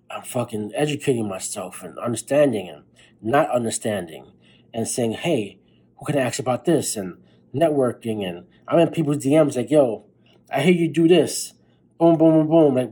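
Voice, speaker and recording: A man's voice: mid-range voice, warm tone, slightly rough, low-quality recording. A young man hosting a podcast, giving a blunt, profane motivational monologue late at night while tired. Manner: blunt, profane, fired-up pep talk. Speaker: podcast host.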